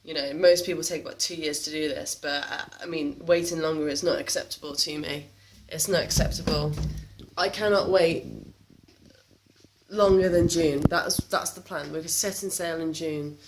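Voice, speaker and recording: A woman's voice: low-pitched, steady tone, normal speed, noisy background. Frustrated woman venting in a vlog. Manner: emotional, frustrated, restless. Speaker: vlogger. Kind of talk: candid vlog monologue.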